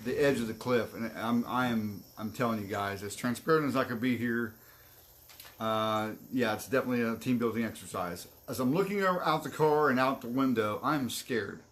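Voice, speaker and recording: A man's voice: mid-range voice, fairly bright tone. A man co-hosting a live stream, telling a personal story in a candid, earnest and self-deprecating way. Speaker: co-host.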